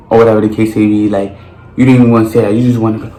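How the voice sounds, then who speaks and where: A young man tells a story to camera in an animated, profane way, full of slang. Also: lowish voice, very fast. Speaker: vlogger. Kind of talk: storytime monologue. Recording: roomy with faint noise.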